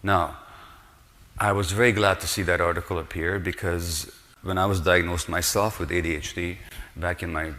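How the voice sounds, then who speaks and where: An older man with a low voice gives an earnest lecture, pressing his points with rhetorical questions. His words ring out with a long hall reverb. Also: fairly even intonation, normal speed, bright, forceful tone. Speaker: speaker giving a lecture. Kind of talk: public lecture.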